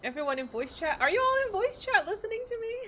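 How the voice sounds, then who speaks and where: A woman streaming a game, reacting with excitable, laughing, emotional outbursts. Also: very high voice, slight background noise. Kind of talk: casual gameplay livestream.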